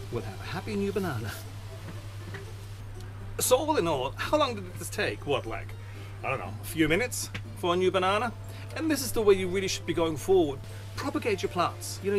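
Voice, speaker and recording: A man hosting a gardening video outdoors in his garden, chatting casually through a how-to with self-mocking asides. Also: high-pitched.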